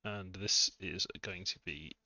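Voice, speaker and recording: A low-pitched man with a very bright, forward tone talks through a game session in a loose, chatty way, muttering asides and poking fun at himself. The sound is dry and close, a little dull and lo-fi, like a basic desk mic. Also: slow, no echo. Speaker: game modder streaming a test session. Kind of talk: casual live-stream commentary.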